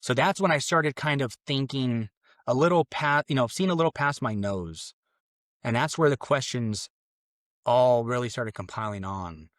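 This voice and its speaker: Young man, late twenties, podcast guest sharing his life story; earnest, casual, mid-pitched, dry close sound. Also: moderate pace, no room sound. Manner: earnest, loose and conversational, acting out his own past thoughts.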